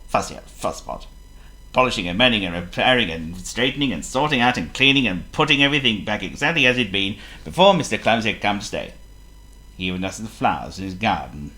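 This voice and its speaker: A man narrating a children's storybook in a lively, theatrical way. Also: lowish voice, fast talker.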